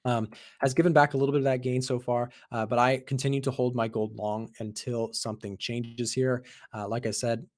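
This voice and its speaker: Hoarse man giving live market commentary. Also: medium pitch, little pitch movement, brisk. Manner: casual, repeats himself, many fillers. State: hoarse, losing his voice. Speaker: host of a live trading stream.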